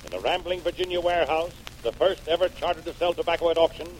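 A man's voice: a little high, fast, a little hiss or hum, rough recording. A man narrating a scripted old-time radio segment in a declamatory announcer manner.

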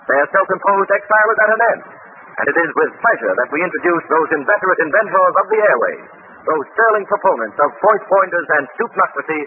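Formal 1930s radio announcer, tinny broadcast. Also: male voice, sits high, expressive, quick pace, a little hiss or hum. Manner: formal, grandiloquent.

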